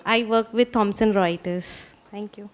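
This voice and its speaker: A woman's voice: mid-range voice, measured pace. A woman from India giving a short, hesitant self-introduction at a gathering. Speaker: participant introducing herself.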